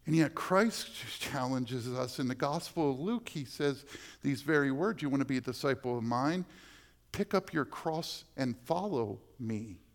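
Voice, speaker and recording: A man preaching a sermon as pastor, swinging from hushed, slow lines to loud, emphatic ones. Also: medium pitch, lively intonation.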